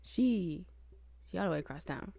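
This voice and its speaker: Brief: woman podcast co-host, animated rambling storyteller, a little low in pitch, dry close sound. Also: moderate pace, gravelly, dry recording. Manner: animated, rambling storyteller who swears casually. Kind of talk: casual chat, storytelling.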